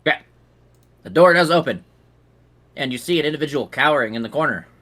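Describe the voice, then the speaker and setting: Young male game master, fairly high voice. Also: lively intonation, quick pace, a bit bright. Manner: casual, rambling, with fillers. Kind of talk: narrating a tabletop game.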